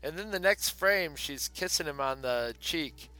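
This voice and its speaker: Bright-voiced man rambling through a story. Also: on the high side, animated, unhurried. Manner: rambling retelling with many fillers. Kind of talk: casual chat.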